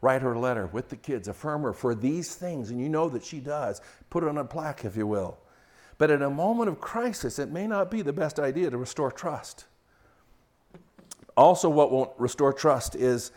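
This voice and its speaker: Older male pastor, loud then hushed. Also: a little high, normal speed. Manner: animated, swings from loud mocking quotes to hushed storytelling. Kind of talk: sermon on marriage.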